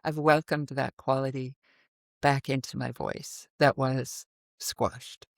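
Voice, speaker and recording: A woman from the American Midwest with a naturally deep voice, an interview guest telling her story expressively and animatedly. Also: slow, vocal fry, dry recording, studio quality. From middle of the United States. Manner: expressive, animated storytelling with sudden vocal demonstrations. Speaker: guest, voice teacher. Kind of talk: conversational interview.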